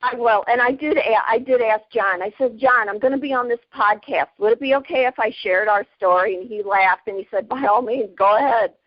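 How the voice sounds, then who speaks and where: A woman in her fifties, a podcast guest, telling stories in a lively, plainspoken way, often breaking into laughter. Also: a little high, brisk, hardly any pauses, dry recording, muffled recording. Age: 50s. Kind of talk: casual storytelling.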